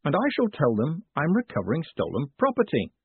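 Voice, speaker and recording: Brief: man doing a glib con man, cocky and theatrical, husky voice, tinny dry sound. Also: on the high side, huge pitch swings, fairly quick, no echo, pitched above the performer's own voice, full character voice. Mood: smug. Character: smooth-talking, cocky young male con man. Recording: phone-like dry audiobook sound.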